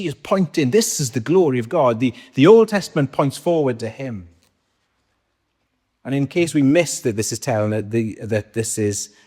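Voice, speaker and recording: Low-voiced preacher in a reverberant church. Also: male voice, a little mellow. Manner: conversational, asks the congregation questions. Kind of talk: sermon. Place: church hall.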